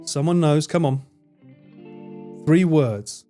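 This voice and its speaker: A man's voice: fairly high pitch, dark tone. A British man streaming live, bantering with his chat, joking and swearing freely. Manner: banter with chat, frequent swearing, quick jokes. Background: faint guitar music.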